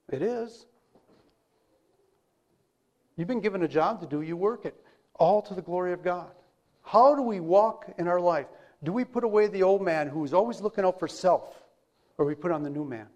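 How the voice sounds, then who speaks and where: A man preaching a sermon with a high-pitched voice. He talks in a loose, conversational way and keeps asking his listeners rhetorical questions. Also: a little mellow.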